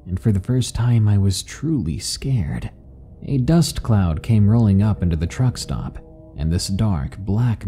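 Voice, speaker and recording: A man narrating a horror story in a calm, measured, ominous delivery. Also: fairly low pitch. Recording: faint background music.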